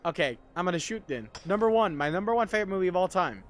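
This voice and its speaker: A man's voice: sits high, animated, quick pace, faint music behind. A sleepy man casually chatting while streaming a game, rambling and swearing freely. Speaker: gaming streamer. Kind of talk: casual game livestream chat.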